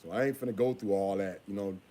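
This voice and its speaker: A father talking casually in a vlog, repeating himself and scolding in a drawn-out way. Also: lowish voice, mellow.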